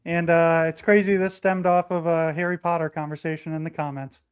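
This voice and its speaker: Male podcast guest, high clear voice, friendly halting chat. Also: flat delivery. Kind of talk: casual chat.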